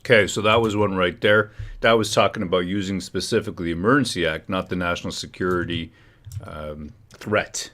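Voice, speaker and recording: A man with a very low, deep voice hosts a live stream from home. He comments with heat, circles back and restarts his sentences, and builds into an angry rant. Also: fairly even intonation, brisk, a bit bright. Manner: heated, ranting, restarts phrases. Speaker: livestream host.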